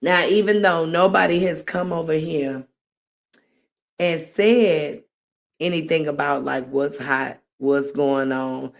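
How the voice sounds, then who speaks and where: A woman's voice: low-pitched, fairly even intonation, takes it slowly, gravelly. A woman talking casually on her own live stream, rambling and chatty, who laughs at her own jokes and refers to herself in the third person.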